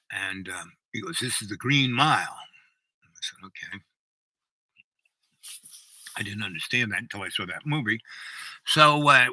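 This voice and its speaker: A man's voice: mid-range voice, pushed and bright, no echo, low-quality recording. An older man telling a long personal anecdote in a chatty, digressive way, full of restarts and asides. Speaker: storyteller.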